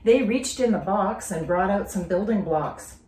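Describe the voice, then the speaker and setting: A woman teacher reading a children's story aloud with expressive, dramatic storytelling. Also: medium pitch, unhurried, a little hiss or hum. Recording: roomy, distant from mic.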